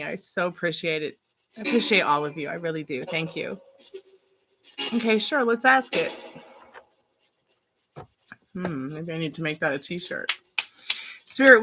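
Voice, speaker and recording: A woman's voice: medium pitch, background noise. A woman giving a live-stream tarot reading, chatty and rambling and laughing often. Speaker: tarot reader. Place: at home.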